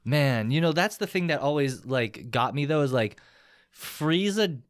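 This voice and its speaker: A man co-hosting a podcast, chatting casually with loose swearing and loud laughs. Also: a little high, measured pace. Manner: lively, swearing, laughs loudly. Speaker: podcast co-host. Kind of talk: casual chat.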